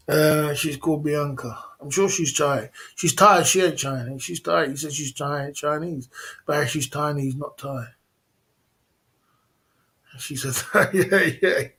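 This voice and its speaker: A man's voice: fairly high pitch, creaky, a bit bright. Laid-back, slangy man streaming live. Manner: laid-back, chuckling, slangy, repeats himself. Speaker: livestream host. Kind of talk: casual livestream chat.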